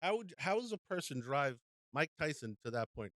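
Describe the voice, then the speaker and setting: A man's voice: fairly high pitch, sing-song, brisk, fairly bright tone, no echo. A man as a podcast guest in casual chat, laughing often, swearing and saying bro.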